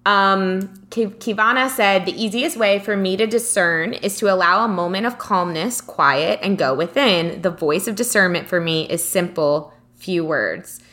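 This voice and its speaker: A young adult woman co-hosting a casual spiritual podcast, animated and chatty, reading out listener comments. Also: medium pitch, unhurried, few pauses. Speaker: podcast co-host.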